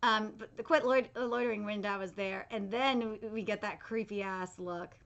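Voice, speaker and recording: A woman's voice: mid-range voice, fairly even intonation, normal speed, a bit bright, muffled recording. A woman in her twenties doing live anime reaction commentary, talking loosely with lots of swearing, fillers and restarts, and reading manga dialogue aloud between her comments.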